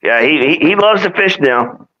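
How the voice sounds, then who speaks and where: A man's voice: on the high side, animated, normal speed, bright, forceful tone, muffled recording, a little hiss or hum. A man co-hosting a live stream in a rambling, casual way, with many restarts. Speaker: co-host.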